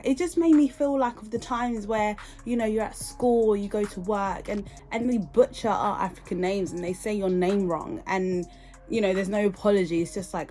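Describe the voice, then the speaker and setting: A woman's voice: medium pitch, normal speed. Young british woman ranting on her podcast, fired up, faint music underneath. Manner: animated, indignant, talks straight to listeners. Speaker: podcast host. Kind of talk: casual podcast commentary.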